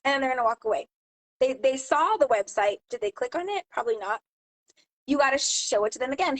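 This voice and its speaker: A mom talking casually to camera, giving business tips and acting out lively quoted exchanges. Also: female voice, high-pitched, fairly quick, low-quality recording. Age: adult mom. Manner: chatty, animated storyteller acting out quotes. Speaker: jewelry seller and channel host. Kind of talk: casual advice talk to camera.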